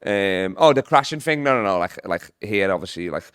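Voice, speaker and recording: A man's voice: sits low, lively intonation, fairly quick, fairly bright tone, clean tone, no room sound, studio quality. A young man with a Liverpool accent, a guest comedian telling rambling, swear-heavy stories in casual podcast chat. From Liverpool, England. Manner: rambling, swears a lot, laughs at his own stories.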